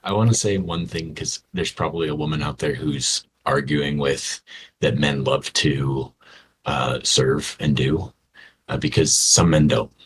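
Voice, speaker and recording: A man's voice: extremely low pitch, fairly even intonation, measured pace, background noise. A man co-hosting a podcast, talking earnestly and directly to listeners in a heartfelt conversation. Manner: earnest, speaks straight to listeners. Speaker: podcast co-host.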